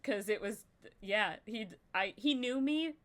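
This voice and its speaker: A woman's voice: mid-range voice, measured pace, fairly bright tone. A young woman co-hosting a live stream, chatting casually with a rambling flow and many fillers. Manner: rambling, lots of filler likes. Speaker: podcast co-host.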